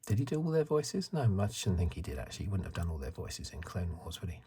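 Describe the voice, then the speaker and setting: Talking fast, this UK man in his fifties hosts an ASMR channel with a soft, low, mellow voice of extremely smooth resonance. His relaxed chat wanders, with self-corrections and chuckles.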